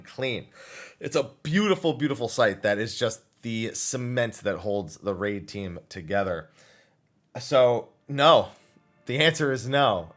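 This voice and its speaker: A man with a low, fairly bright voice hosts a weekly Q&A show, answering viewer questions. His explanations are enthusiastic and casual, running on in long, connected thoughts.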